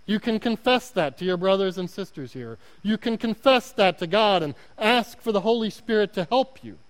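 A man with an Oklahoma accent preaches a sermon in a high, bright-toned voice. He is earnest and self-deprecating and repeats words as he presses a point. His voice rings with the long reverb of a church hall. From Oklahoma, United States. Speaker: guest preacher.

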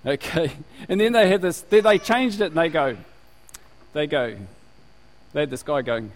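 Lively preaching man from New Zealand. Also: on the high side, normal speed, long pauses, rough recording. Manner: lively preaching with laughs and put-on voices. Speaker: pastor. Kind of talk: sermon.

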